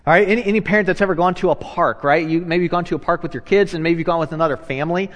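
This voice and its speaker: Fairly high-voiced man preaching in a reverberant hall. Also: very fast. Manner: conversational, swinging from hushed to loud and animated; repeats phrases for emphasis. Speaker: pastor. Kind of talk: sermon.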